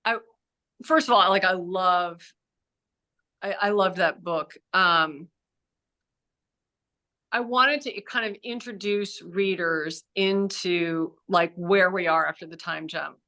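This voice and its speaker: An older woman, a guest author on a podcast, talking in an animated, profane way and acting out her own reactions. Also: fairly low pitch, takes it slowly, pauses often. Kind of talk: casual podcast interview.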